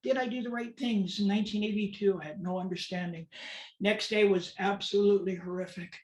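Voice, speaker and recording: A woman's voice: medium pitch, steady tone, a little fast, darkish tone, echoey room, rough recording. A woman, telling her personal story as a guest speaker in an emphatic, repetitive way. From Southern California, USA. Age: 50s.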